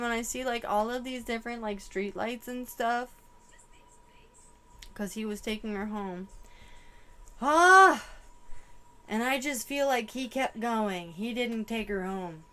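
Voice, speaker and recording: A young woman giving an emotional channeled psychic reading, full of exclamations and swearing. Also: a little high. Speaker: tarot reader.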